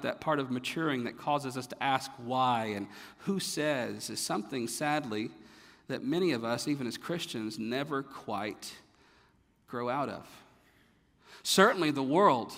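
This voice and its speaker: A pastor preaching a sermon, building to emphatic rhetorical questions and then dropping to a quiet, low delivery. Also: male voice, vocal fry. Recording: long hall reverb.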